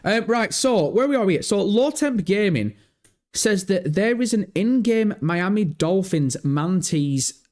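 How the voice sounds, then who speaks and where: A young man hosting a casual gaming livestream, excitable and swearing freely, through a bass-heavy desk microphone. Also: unhurried. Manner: excitable, swears freely, pitch leaps when surprised. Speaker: livestream host.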